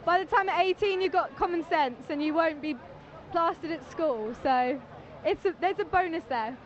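A woman's voice: very high voice, normal speed, lo-fi sound. A woman in her twenties with an English accent, chatting cheerfully as she is interviewed outdoors. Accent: English, Cambridge area. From England. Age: 20s. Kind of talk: casual chat. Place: outdoors at a crowded event.

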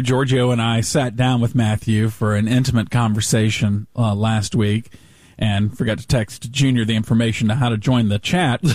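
A man's voice: mid-range voice, no echo. Man hosting a podcast, dry close sound. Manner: relaxed, chuckling. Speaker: podcast host. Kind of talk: show introduction.

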